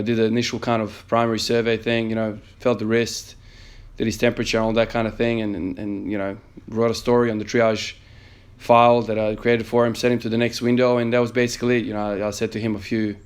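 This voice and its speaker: Low, flat-voiced man. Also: brisk, smooth. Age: 30s. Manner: earnest, many fillers, calls listeners "man". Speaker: emergency nurse. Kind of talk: motivational vlog talk.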